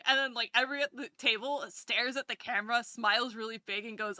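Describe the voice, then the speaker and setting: A woman streamer chatting casually on a live stream, rambling and swearing in an animated way. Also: on the high side, quick pace, few pauses, no room sound. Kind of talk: casual livestream chat.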